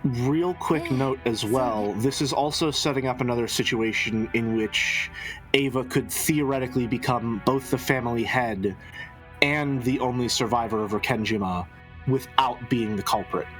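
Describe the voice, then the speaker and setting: A man's voice: mid-range voice, moderate pace, fairly bright tone, poor audio. A man streaming, narrating and commenting on a visual novel in a casual, amused way. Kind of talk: casual read-along and commentary. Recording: music playing behind.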